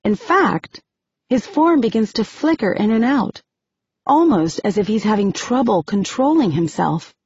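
A woman narrating a novel in the first person, steady and measured, on a dry, muffled recording. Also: fairly high pitch, slightly rough, no echo. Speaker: audiobook narrator.

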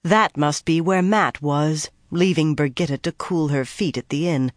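An audiobook narrator reading a fantasy novel in a measured, even storytelling manner. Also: medium pitch, no echo, studio quality. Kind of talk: scripted narration.

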